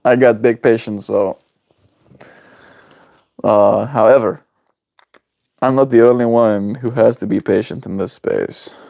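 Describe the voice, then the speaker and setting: A man's voice: medium pitch, fairly even intonation, a little slow, creaky, long pauses, warm tone. A man chatting casually on his daily livestream, rambling and playful as he answers his chat. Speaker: daily streamer.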